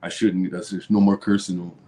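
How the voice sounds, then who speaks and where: A man's voice: low voice, level tone, moderate pace, dark tone, a little hiss or hum. A man hosting a podcast, ranting heatedly with constant swearing and repeated words. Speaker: podcast host. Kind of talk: profane political rant.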